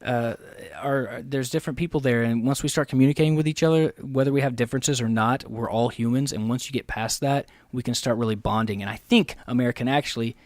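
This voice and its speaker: A man from Oklahoma chatting on a podcast, telling stories in an animated way, laughing often and jumping up in pitch when he quotes people. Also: quick pace, hardly any pauses, dry recording, studio quality. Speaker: guest host. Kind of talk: casual podcast chat.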